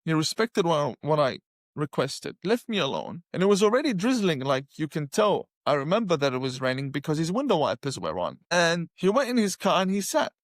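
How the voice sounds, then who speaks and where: A man's voice: fairly high pitch, sing-song, fairly quick, dry recording, studio quality. A middle-aged man, telling a personal story with emphasis and acting out what he once said. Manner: emphatic, acts out his own past words. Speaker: guest telling his conversion story.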